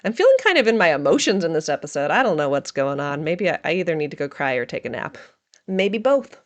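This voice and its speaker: A woman's voice: low-pitched, very animated, fast. A middle-aged woman hosting a podcast, talking candidly and emotionally about her day in a casual monologue, laughing often. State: emotional, feeling raw. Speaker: podcast host.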